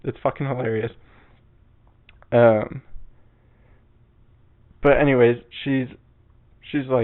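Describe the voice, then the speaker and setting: A man's voice: medium pitch, fairly even intonation, takes it slowly, long pauses. A young man hosting a solo podcast, rambling casually, swearing often and laughing at himself. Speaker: podcast host. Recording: tinny phone-like sound.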